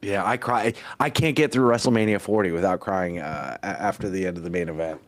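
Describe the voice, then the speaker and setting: A man co-hosting a casual podcast chat, halting and restarting a lot. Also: low voice. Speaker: podcast co-host.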